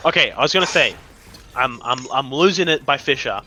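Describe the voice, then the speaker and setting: A young man commentating a live esports match, excitable and rambling, often tripping over his words. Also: medium pitch, a little fast, soft background music. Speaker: esports caster.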